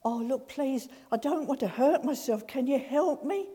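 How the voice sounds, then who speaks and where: A woman's voice: sits high, expressive, normal speed, mellow, slightly rough, big-room sound, voice pushed up. A woman playing a frantic man stuck on a cliff ledge, crying out for help in a panicked, pleading voice.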